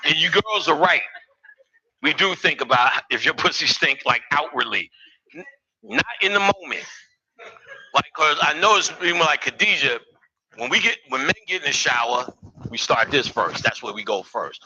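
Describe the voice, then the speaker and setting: A man's voice: on the high side, lively intonation, normal speed, pushed and bright, husky, highs cut off. A man in his fifties giving a live lecture to an audience, joking and swearing as he riffs with the crowd. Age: 50s. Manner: profane, joking, riffing with the audience. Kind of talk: live comedic spiritual lecture.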